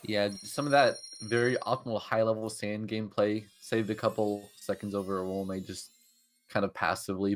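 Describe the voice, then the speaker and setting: Low-voiced man commentating a speedrun. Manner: casual, chatty, thinks aloud with fillers. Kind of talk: live game commentary.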